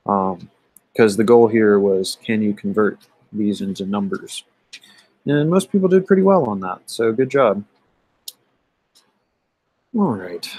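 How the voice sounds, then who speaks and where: A man teaching math, walking through exam solutions in a conversational way, often pausing with "um" and checking in with "right?". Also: fairly low pitch, a little mellow, slightly rough, rough recording. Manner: conversational, thinks aloud with many "um" and "right?". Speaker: math instructor. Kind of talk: recorded lecture going over an exam.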